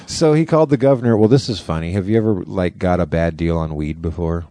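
A man's voice: sits low, quick pace, no room sound. A man co-hosting a casual podcast, swearing freely and rambling through stories. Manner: swearing, rambling, does loud mocking impressions. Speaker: podcast co-host. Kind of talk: casual chat, profane storytelling.

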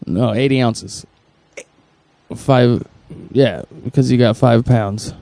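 An easygoing man chats casually and mostly agrees with his friend. His voice is recorded dry and close, at a middling pitch. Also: steady tone, takes it slowly, warm tone, no echo. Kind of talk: casual chat.

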